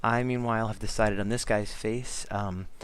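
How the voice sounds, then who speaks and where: A man's voice: lowish voice, steady tone, normal speed, clear, resonant tone. A man vlogging about making comics, talking casually with lots of fillers and restarts while he draws. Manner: rambling, many fillers and restarts. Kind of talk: casual chat over drawing.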